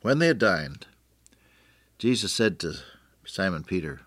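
Male radio preacher, deep voice, earnest sermon delivery, repeats key lines. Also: big pitch swings, a little slow, fairly bright tone, dry recording. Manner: earnest, repeats phrases for emphasis.

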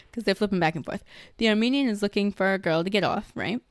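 A woman casually recapping a film to a friend, telling it in a lively way with lots of swearing and acted-out lines. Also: medium pitch, dry recording, clean studio sound. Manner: animated storytelling, acting out characters with profanity. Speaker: podcast co-host recapping a film. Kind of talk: casual chat.

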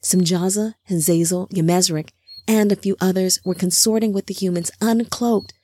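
Storybook male angel, earnest and urgent; a woman reads him, lowish voice, dry recording. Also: steady tone, moderate pace, warm tone, breathy edge, no room sound.

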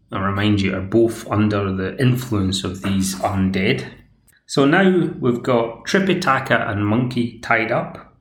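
A man's voice: medium pitch, a bit bright. A male podcast host giving a casual, wry episode recap with many asides and restarts. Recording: echoey room.

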